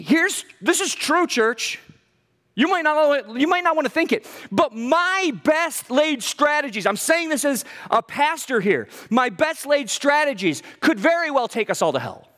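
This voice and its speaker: Man, middle-aged pastor, sermon, high voice, emphatic, rhetorical questions, long reverb. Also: fairly bright tone. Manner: emphatic preaching with humor, rhetorical questions to the congregation. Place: church sanctuary.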